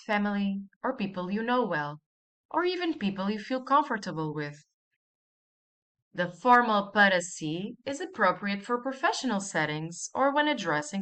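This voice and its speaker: A woman's voice: medium pitch, a bit bright, clean tone. A woman teaching a language lesson, patiently repeating each example and asking the listener to say it after her.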